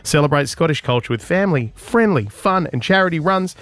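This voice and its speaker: Lively, jokey radio host man. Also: on the high side, fairly quick, no room sound. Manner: lively, jokey, laughs often. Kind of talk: casual radio banter.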